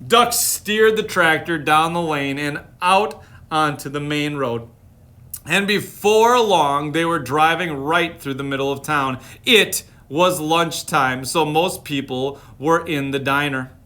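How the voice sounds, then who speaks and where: A man's voice: on the high side, slow pace, sharp tone. A man reading a picture book aloud on a live stream, playful, with chatty asides to his viewers. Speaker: storytime reader.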